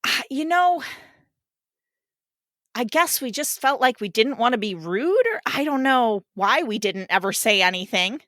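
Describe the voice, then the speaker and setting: A woman in her thirties co-hosts a podcast and reads game prompts aloud. Her voice is high and bright, recorded dry and close. She talks playfully and laughs often. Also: animated, measured pace, dry recording. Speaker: podcast co-host. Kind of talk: casual chat, reading game cards aloud.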